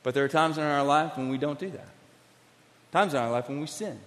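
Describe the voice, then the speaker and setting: A high-pitched male pastor delivers a sermon to a large room, going from hushed asides to emphatic declarations. His voice rings out with a long hall reverb. The delivery is direct and animated. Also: a little fast. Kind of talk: sermon with live demonstration.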